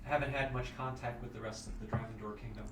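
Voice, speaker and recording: Halting game master man, distant mic. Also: medium pitch, steady tone. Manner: hesitant, halting, many filler sounds. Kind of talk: narrating a tabletop game. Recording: roomy, distant mic with loud music.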